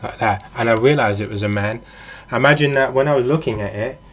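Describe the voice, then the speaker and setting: Male vlogger, chatty monologue, mid-pitched voice, dull lo-fi audio. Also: a little fast, a bit bright. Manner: conversational, with frequent fillers and restarts. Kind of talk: casual monologue with hypothetical scenarios.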